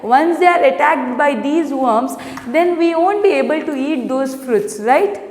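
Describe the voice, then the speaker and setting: A woman teacher giving an online lesson, asking her class questions. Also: high-pitched. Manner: asks the class many questions, slow and clear. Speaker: primary school English teacher. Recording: echoey room with long reverb.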